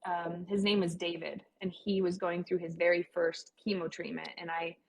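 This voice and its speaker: Young woman, interview guest, chatty, heartfelt, filler-heavy, slightly low voice. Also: little pitch movement, moderate pace, gravelly, rough recording. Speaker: guest sharing her cancer story. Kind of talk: casual interview talk.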